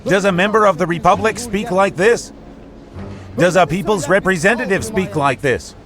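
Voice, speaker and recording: An actor playing an impassioned parliamentary leader who fires off accusing rhetorical questions, in a dubbed documentary reenactment. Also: male voice, high voice, moderate pace, natural voice. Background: music.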